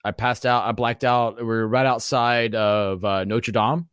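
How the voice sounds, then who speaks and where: A man's voice: medium pitch, unhurried, smooth, dry recording. Dry-sounding man swearing through a story. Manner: profane, rambling, animated retelling. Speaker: podcast guest. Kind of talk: casual storytelling.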